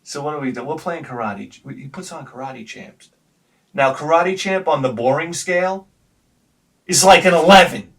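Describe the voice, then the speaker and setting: A man's voice: fairly high pitch, moderate pace, far from the mic. A man in his forties, a retro gaming host, telling rambling childhood stories with lots of swearing and laughter. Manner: animated, swears freely, laughs at own stories. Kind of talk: rambling anecdotal storytelling.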